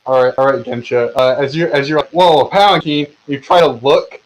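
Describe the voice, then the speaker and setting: A man's voice: medium pitch, a little fast, rough recording. A man narrating a tabletop game as game master over voice chat, with lots of fillers and restarts. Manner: rambling, filler-heavy narration. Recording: online voice chat.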